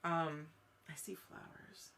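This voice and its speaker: A woman hosting a live-streamed spirit reading, talking to a single viewer in a gravelly voice with vocal fry. She feels her way through each thought, pausing on fillers as she goes. A light hiss sits under the recording. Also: deep voice, little pitch movement, a bit bright. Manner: halting, searching speech full of fillers; speaks directly to a viewer. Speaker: psychic medium host.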